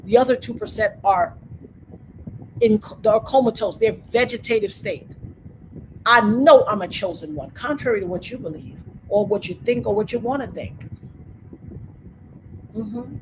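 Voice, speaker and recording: A woman's voice: on the high side, expressive, unhurried, long pauses, slight background noise, rough recording. A woman hosting a livestream, talking straight to her viewers in an emphatic, preachy way. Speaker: livestream host. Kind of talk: casual livestream rant to chat.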